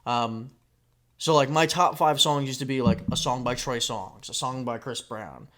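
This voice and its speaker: A man co-hosting a podcast from a home basement, telling tall tales in a deadpan, sarcastic, profane way. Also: medium pitch, normal speed. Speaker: podcast co-host. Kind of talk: casual comedic banter.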